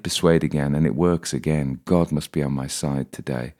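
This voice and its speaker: A man's voice: very deep voice, steady tone, moderate pace, hardly any pauses, darkish tone. A man narrating a first-person audiobook in a wry, dry manner.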